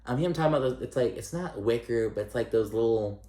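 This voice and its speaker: A man's voice: medium pitch, animated, very fast, warm tone. A man giving a casual, gossipy recap of a reality show, chatty and salty, with lots of "like" and "um". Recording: echoey room.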